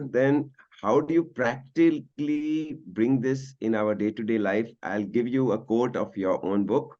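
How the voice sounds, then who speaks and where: A man from India who interviews his guest, hesitating and filling his pauses with "uh" while he reads out quotes. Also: mid-range voice, mellow, lo-fi sound. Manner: hesitant, many fillers. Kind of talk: interview questions.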